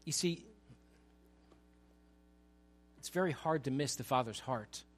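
Here a man with a medium-pitched voice preaches to his congregation in a talkative style, slipping in asides and steadily building toward an emphatic, elevated delivery.

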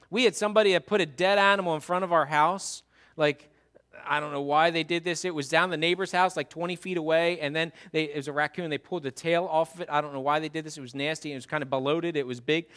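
A male pastor preaches with animated humor and asks his congregation direct questions. His voice sits a bit high and has a bright, forceful edge. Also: quick pace. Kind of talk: sermon.

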